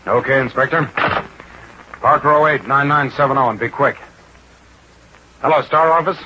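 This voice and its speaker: An actor playing an eager young newspaper reporter in a 1940s-style radio drama, brisk and urgent. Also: male voice, medium pitch, bright, forceful tone, slightly rough. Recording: lo-fi old radio recording with faint hiss.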